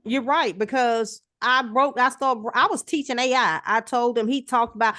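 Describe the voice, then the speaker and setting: A woman's voice: fairly high pitch, steady tone, moderate pace, hardly any pauses, a bit bright, no echo, studio quality. A woman in casual discussion as co-host, telling stories with animation and acting out the exchanges she quotes.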